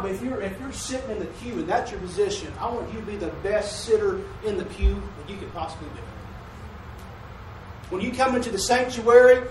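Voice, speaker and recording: A man's high-pitched, fairly bright voice leads a folksy call-and-response sermon in a church sanctuary. Heard from a distant mic, the room is echoey, with a little hiss or hum.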